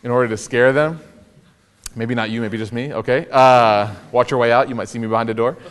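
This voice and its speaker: A man's voice: medium pitch, steady tone, brisk. A young man giving a casual, joking sermon as an Islamic lecturer, telling stories and acting out the quotes. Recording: long hall reverb.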